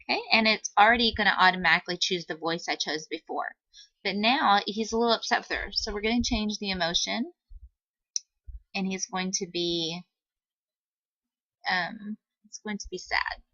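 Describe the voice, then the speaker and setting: A woman teacher giving a patient, step-by-step screen-recorded software tutorial on a computer microphone, with "um" fillers. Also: medium pitch, steady tone, moderate pace, no echo, highs cut off.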